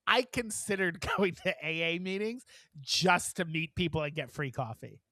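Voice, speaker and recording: A man's voice: a little high, moderate pace, bright, forceful tone, dry recording, clean studio sound. A tired man co-hosting a podcast, chatting in a rambling, giggly way with lots of fillers. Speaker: podcast co-host. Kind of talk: casual chat.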